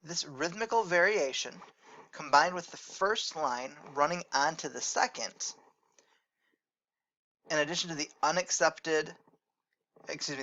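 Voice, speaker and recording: A man teaching a recorded lecture, explaining in a measured way and correcting his own slips as he goes. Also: fairly high pitch, sharp tone, dull audio.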